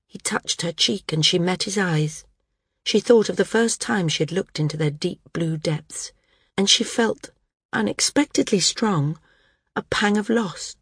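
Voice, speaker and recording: Audiobook narrator, woman, low husky voice, dry and close, measured reading. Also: no room sound. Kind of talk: scripted narration.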